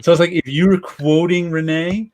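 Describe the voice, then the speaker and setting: A man's voice: a little high, fairly even intonation, normal speed, a little mellow. A man co-hosting a casual show, telling stories in a loose, rambling way. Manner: rambling, loose storytelling with restarts. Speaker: co-host. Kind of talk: casual chat.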